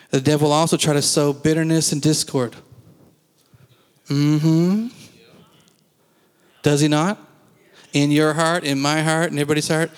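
Guy pastor preaching, kinda high voice, chatty, keeps asking the crowd stuff, big church reverb. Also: clean tone. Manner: conversational preaching, asks the congregation questions. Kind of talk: sermon. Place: church sanctuary. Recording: long reverb of a church hall.

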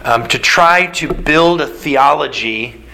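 A man's voice: medium pitch, slow, creaky, pushed and bright, poor audio. A man preaching a sermon, telling the story emphatically with repeated phrases. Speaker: pastor.

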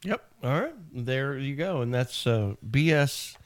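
A man hosting a call-in radio show, talking in a brisk, joking way and moving quickly from caller to caller. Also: medium pitch, expressive.

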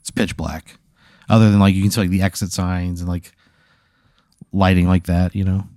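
A man's voice: sits low, little pitch movement, normal speed, warm tone, no echo, clean studio sound. A man casually improvising a story as game master, talking in a rambling way full of fillers. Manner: rambling, filler-heavy narration.

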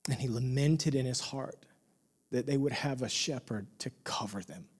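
A man preaching a sermon as pastor, impassioned, rising to loud emphasis and dropping to hushed near-whispers. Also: mid-range voice, normal speed, breathy edge.

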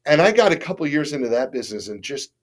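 This middle-aged man talks fast in a voice on the high side, with big swings in pitch. As a guest in a casual interview he tells stories candidly and ramblingly, often restarting and stammering and occasionally swearing.

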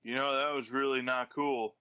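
A man's voice: medium pitch, fairly even intonation, normal speed, sharp tone, smooth, dry recording. A man co-hosting a casual sports podcast who needles his friends with playful questions. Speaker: podcast co-host. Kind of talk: casual banter.

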